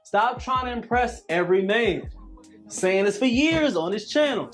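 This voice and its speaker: Soft background music accompanies this late-thirties man leading a live calisthenics session. He speaks in a high voice with lively intonation at a measured pace, sounding preachy as he repeats his cues and talks up hard work.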